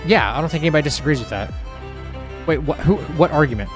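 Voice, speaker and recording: A man's voice: on the high side, expressive, quick pace, over music. Stammering man chatting on stream. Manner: rambling, with frequent restarts and stammers. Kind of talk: casual chat reading live chat.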